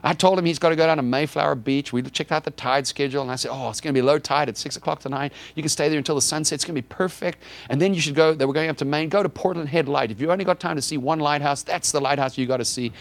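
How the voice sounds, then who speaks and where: A man's voice: on the high side, racing, hardly any pauses, dry recording. A man, a pastor, telling a personal story in a sermon and acting out the conversations in it. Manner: animated, acts out dialogue with God in raised voices.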